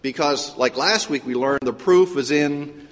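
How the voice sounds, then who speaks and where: A male pastor giving a conversational sermon, telling stories with lively asides. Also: fairly high pitch, measured pace, in a large hall.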